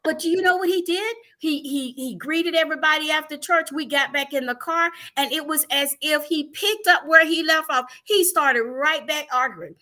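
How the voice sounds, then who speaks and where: A middle-aged woman hosting a live online church talk show, telling stories in a lively, animated way. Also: high voice, moderate pace, hardly any pauses. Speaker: ministry host.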